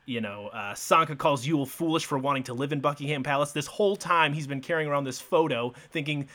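A man's voice: a little high, brisk, pushed and bright. A man co-hosting a podcast, casually recapping a movie plot, laid-back, swearing freely and laughing often. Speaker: podcast co-host.

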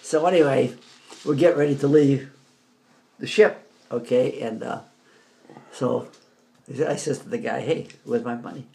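An older man from the Boston area telling stories about his army days in a casual, animated way. He laughs often and shouts out the lines he quotes. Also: medium pitch, unhurried, creaky, long pauses. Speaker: veteran telling war stories. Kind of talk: casual storytelling.

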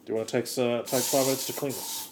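A man's voice: medium pitch, flat delivery, fast, noisy background. A man co-hosting a comedy podcast, meandering loosely in casual chat. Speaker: podcast co-host. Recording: roomy echo.

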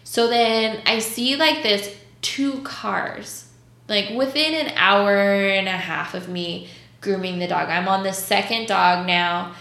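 Her voice sits in the middle range, gravelly, pushed and bright, and she takes her time. She's a mobile dog groomer swapping stories in a casual, foul-mouthed, blunt way, acting out others' voices, recorded in an echoey room.

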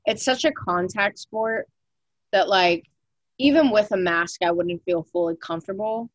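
A woman's voice: mid-range voice, unhurried, no room sound, muffled recording. A young woman co-hosting a podcast in casual chat, talking loosely with lots of "like" fillers and casual swearing. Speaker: podcast co-host.

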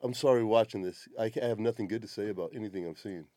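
With a lowish, dark voice, this podcast host talks in rapid-fire bursts, cursing constantly and bluntly shredding skydiving videos in exasperation. The format is casual, foul-mouthed chat and video commentary. The studio-quality recording has no room sound.

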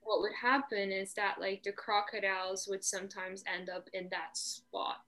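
A young woman from Portugal tells surf stories in a loose, filler-heavy chat. Her voice is bright and clear, and she speaks at a middle pitch. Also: moderate pace. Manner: relaxed storyteller, many fillers. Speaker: guest surfer. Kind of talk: casual chat.

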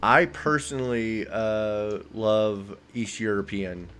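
A man with a fairly low voice hosts a casual podcast chat. He rambles enthusiastically, piling up fillers and restarts as he talks. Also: takes it slowly, fairly bright tone, a little hiss or hum. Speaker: podcast host.

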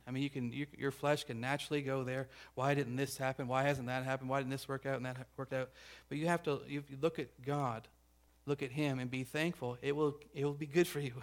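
A pastor preaching a conversational sermon, checking in with the congregation and acting out the grumbling crowd. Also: male voice, medium pitch. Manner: acts out grumbling crowd voices.

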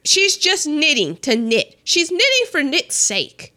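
A woman co-hosting a casual chat about a film, animated and jokey, talking straight to the characters. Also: high-pitched, unhurried.

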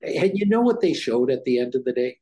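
A man's voice: mid-range voice, sing-song, brisk, mellow. A middle-aged man, a former dermatologist, telling his story as an interview guest and acting out the dialogue in it. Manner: anecdotal, acts out quoted dialogue.

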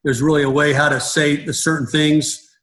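A man's voice: fairly high pitch, level tone, moderate pace, a bit bright, rough recording. A middle-aged man, a baseball coach, talking in an interview, rambling and restarting his sentences often. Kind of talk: conversational interview.

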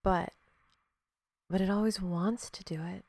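A woman's voice: mid-range voice, steady tone, unhurried, darkish tone, no echo. A woman hosting a podcast in a casual, reflective monologue. She speaks frankly, swears freely, laughs often and talks straight to the listener. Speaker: podcast host.

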